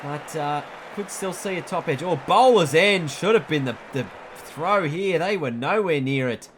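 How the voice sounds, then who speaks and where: A man's voice: fairly high pitch, animated, normal speed, fairly bright tone, a little hiss or hum. Chatty man calling cricket. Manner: chatty, jokey, stumbles over names. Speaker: video game cricket commentator. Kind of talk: play-by-play commentary.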